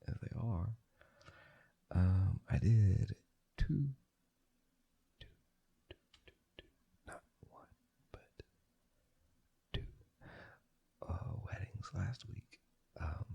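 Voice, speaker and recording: A young man with a deep, gravelly voice drifts between soft speech and husky, breathy whispers in an ASMR ramble. He meanders through his story and corrects himself, with a dark, mellow tone and a lively lilt. Two microphones pan his voice from ear to ear. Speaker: ASMR channel host. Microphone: two microphones in stereo, ear to ear.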